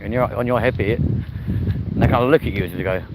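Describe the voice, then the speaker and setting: A man walks and talks through a live stream, chatty and blunt, swearing freely. His voice sits in an ordinary middle pitch. Loud wind and street traffic roar around the phone mic. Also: quick pace. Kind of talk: casual walking live stream. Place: outdoors walking through a city park. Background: wind and traffic noise.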